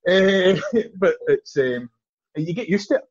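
A man with a Glaswegian Scottish accent, a guest telling stories in a quick, chatty way with frequent restarts. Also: on the high side, lively intonation, darkish tone. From East End of Glasgow, Scotland. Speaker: guest, Olympic hammer thrower. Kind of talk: casual podcast chat. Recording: dull, lo-fi podcast recording.

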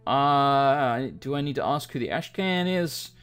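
A man's voice: medium pitch, a little slow, a bit bright, smooth, faint music behind. A man giving casual, sarcastic commentary while playing a game, swearing and muttering to himself. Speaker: let's play gamer. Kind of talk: casual gameplay commentary, reading game dialogue aloud.

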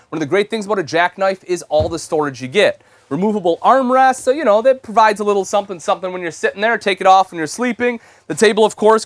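High-voiced upbeat RV show host man. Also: no echo. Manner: enthusiastic and chatty, addresses viewers as folks. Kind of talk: upbeat sales walkthrough. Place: inside a travel trailer.

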